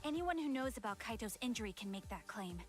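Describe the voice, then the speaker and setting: Icy young woman, actress: high, lively, curt. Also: fast, lightly acted. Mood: scornful. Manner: curt, scornful. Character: cold, sharp-tongued young woman.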